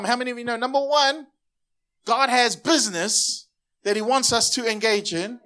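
A man preaching a sermon as pastor, energetic and calling on the congregation to repeat phrases after him. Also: very high-pitched, moderate pace, smooth.

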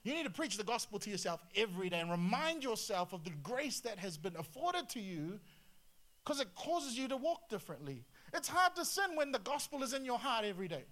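A male pastor preaching a sermon in an animated way, full of rhetorical questions and swings between loud and quiet. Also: sits high, a little fast.

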